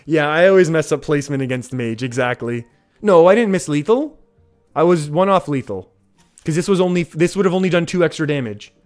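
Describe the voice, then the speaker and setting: A man streaming a card game, chatting casually with his viewers and reacting with excitement to each play. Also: fairly high pitch, brisk. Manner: chatty, reads chat aloud, excitable. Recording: faint music behind.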